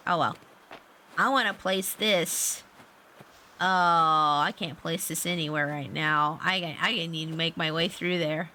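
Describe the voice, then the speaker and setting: Bubbly woman gamer chatting on stream, bright tense voice, gets squealy, faint hiss behind. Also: deep voice, measured pace. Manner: bubbly, excitable, squeals at finds. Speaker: game streamer. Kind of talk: casual gameplay stream chat.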